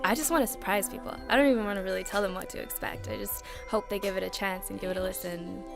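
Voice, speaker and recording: A woman's voice: medium pitch, fast, creaky. A young woman, a singer-songwriter, talking casually in an interview with many fillers. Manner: relaxed, chatty, lots of "like" fillers. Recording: music playing underneath.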